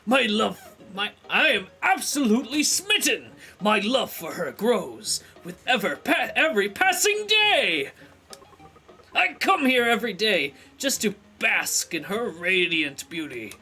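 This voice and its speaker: A scrawny young game character pines over a woman he adores, his lines delivered with swooping, theatrical grandness, as a man puts on the voice. The tone is bright and a little sharp, and the pitch leaps around on every big word. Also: big pitch swings, measured pace, exaggerated voice. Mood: lovesick. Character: scrawny lovesick young man, dramatic and pining.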